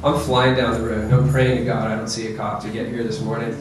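A man giving a lively, joking parenting talk to an audience, often checking in with "okay?" and "right?". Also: mid-range voice, quick pace, recorded from a distance, background noise. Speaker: presenter to parents. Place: presentation room with audience. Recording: echoey room, voice from afar.

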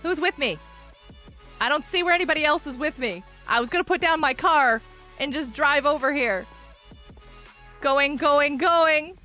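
A woman live-streaming a block-building game, excitedly chatting with viewers and cheering players on. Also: high-pitched, moderate pace, long pauses, faint music behind. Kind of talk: live Minecraft stream chat.

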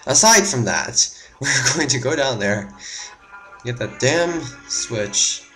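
A man's voice: mid-range voice, animated, slow pace, a bit bright, low-quality recording. A young man narrating his gameplay, muttering and swearing to himself in frustration. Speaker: gameplay commentator. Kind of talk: let's play commentary. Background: game music.

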